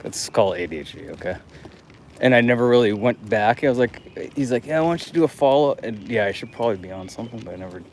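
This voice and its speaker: A man's voice: on the low side, fast talker, gravelly, a little hiss or hum. A man chatting loosely while he walks city streets at night on a live stream, rambling, laughing and swearing often. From United States. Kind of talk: casual walking livestream chat.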